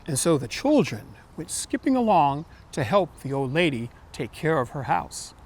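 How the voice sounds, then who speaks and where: A man telling a folktale for all ages as a storyteller, gentle and expressive. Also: fairly high pitch, normal speed, breathy edge.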